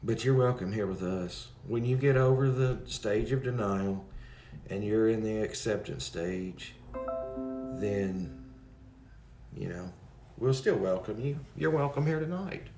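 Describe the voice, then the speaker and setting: A man chats loosely with his livestream audience, wandering from point to point and greeting people by name. His voice sits a little low. The sound is roomy and echoey. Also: slow, over music. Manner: rambling, addresses chat by name. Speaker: livestream host. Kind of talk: casual chat with viewers.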